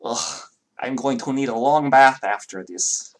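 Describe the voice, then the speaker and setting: A fussy, accented lady assistant, as a game master puts her on speaks in a raised, prim voice. She sounds put-upon and squeamish, and her complaints come out loud and strained. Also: mid-range voice, unhurried, voice pushed up, close to an everyday voice. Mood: disgusted.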